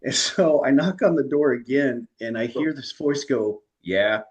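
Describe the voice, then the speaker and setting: A man's voice: mid-range voice, moderate pace, darkish tone, muffled recording. Chatty man telling stand-up stories. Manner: chatty, laughs at own punchlines. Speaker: stand-up comedian. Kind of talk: stand-up storytelling on a video call.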